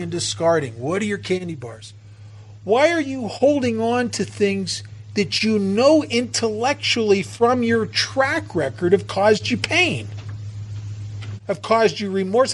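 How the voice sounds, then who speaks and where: A man's voice: high voice, slight background noise. A man speaking at a recovery meeting, telling stories from his own life in an earnest way with many restarts. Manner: earnest, storytelling, frequent restarts. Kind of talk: personal talk at a meeting.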